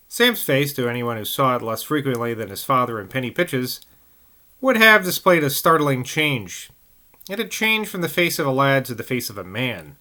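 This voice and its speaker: A man's voice: mid-range voice, pushed and bright. A man reading a novel aloud, carefully, with occasional slips and restarts. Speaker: audiobook reader.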